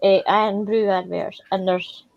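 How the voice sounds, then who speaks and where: A Scottish woman hosting a livestream in casual, lively chat, swearing and exclaiming freely. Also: mid-range voice, moderate pace, creaky, dry recording, dull audio. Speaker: livestream host.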